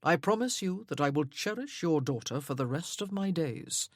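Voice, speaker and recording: A calm, kind nobleman, as a woman narrator puts him on. The voice drops a little lower and stays gentle, with a soft husk. Close, dry audiobook sound. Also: normal speed, no room sound.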